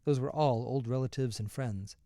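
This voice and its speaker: A man's voice: mid-range voice, normal speed, warm tone, no echo, lightly acted. Storybook spaceman, young and eager, smiley, as a male reader does him, dry. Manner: eager, pleading. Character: cheerful young crewman, eager and smiling.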